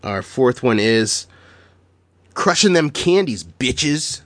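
A man's voice: mid-range voice, big pitch swings, slow, no room sound. A man hosting a casual podcast game, talking loosely, laughing and swearing into a podcast microphone. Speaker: podcast host running a guessing game.

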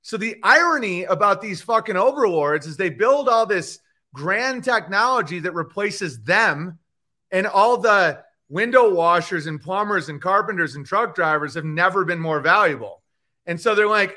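A man, a comedian guest on a podcast, ranting in a profane, animated way and slipping into mocking voices. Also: sits high, moderate pace. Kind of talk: animated podcast chat with comic bits.

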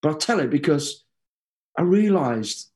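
A middle-aged man, a guest in an interview, telling stories in a lively way, swearing freely and acting out what people said. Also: on the high side, a little slow. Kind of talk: casual interview storytelling.

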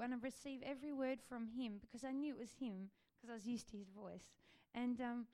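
Woman in her thirties, gentle, earnest, somewhat high voice, personal faith talk, lots of ums. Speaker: Christian speaker sharing faith testimony.

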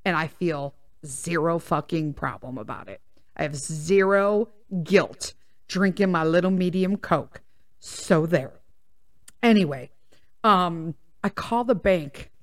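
Woman host, casual storyteller, fairly high pitch, exasperated and foul-mouthed, acts out quotes. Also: lively intonation, measured pace, a bit bright. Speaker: podcast host.

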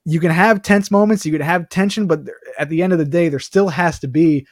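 A man co-hosting a podcast, chatting casually about a film in quick, animated bursts with plenty of fillers. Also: on the high side, no echo, clean studio sound. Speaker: podcast co-host. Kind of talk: casual movie review chat.

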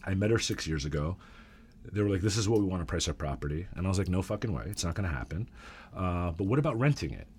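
Deep-voiced man telling a story. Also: fast, slightly rough. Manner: animated storyteller, swears freely. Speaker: real estate agent. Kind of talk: casual podcast chat.

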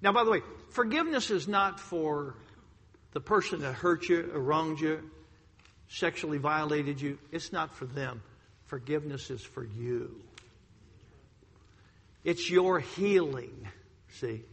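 A man preaching a sermon to a congregation, telling a personal story emphatically, swinging between loud outbursts and hushed lines. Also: a little high, a little slow, long pauses, breathy edge. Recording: long hall reverb.

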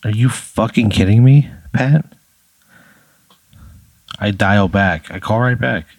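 A man's voice: fairly low pitch, slow, vocal fry, breathy edge, no room sound. A man as podcast co-host, reacting in exasperated, swearing banter. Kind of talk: comedic banter.

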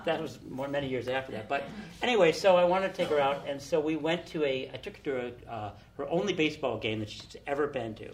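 An older man with a slightly high voice tells stories in a loose, casual way, acting out every quote as he goes. There is a faint hiss behind him. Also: fast. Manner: animated storyteller, acts out quotes. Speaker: storyteller guest. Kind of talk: casual anecdotes.

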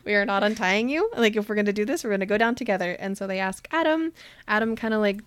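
A woman hosting a casual book chat, retelling scenes with lots of quick voiced quotes and laughter. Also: mid-range voice, expressive, fairly bright tone, clean tone, no room sound. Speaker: podcast host recapping a book.

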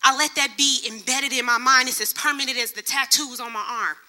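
Bright high-voiced woman preaching. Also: a little fast. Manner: lively storytelling, acts out other people's voices. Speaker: church speaker. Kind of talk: sermon testimony.

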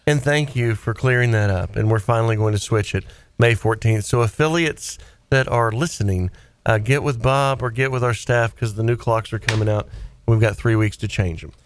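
A man with a Southern US accent hosting a radio show from the studio, talking in a rambling, jokey and animated way. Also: mid-range voice, moderate pace, dry recording. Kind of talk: casual radio banter.

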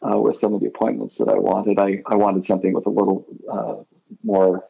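A man's voice: on the low side, little pitch movement, a little fast, creaky, dark tone, husky, lo-fi sound. A middle-aged man from Idaho, a guitarist guest, telling rambling stories in a casual interview and often correcting himself.

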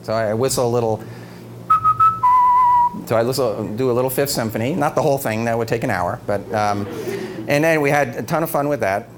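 Middle-aged man, lively storytelling speech, laughs often, noisy background. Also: mid-range voice, a little fast, long pauses. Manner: animated, laughs often, acts out quotes. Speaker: speaker giving an evening talk. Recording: noisy live talk recording. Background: background noise.

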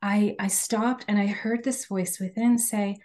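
A woman's voice: mid-range voice, fairly even intonation, unhurried, warm tone. A woman who works as a Huna healing practitioner, speaking as a guest in a podcast interview in a reflective way, repeating phrases and often laughing.

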